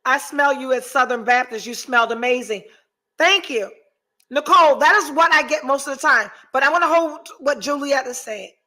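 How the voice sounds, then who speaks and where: A woman's voice: high-pitched, normal speed, bright, forceful tone, rough recording. A woman in her forties hosting a podcast, chatting candidly and with lots of profanity, swinging theatrically between mock despair and laughter as she reads out viewer comments. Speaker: podcast host.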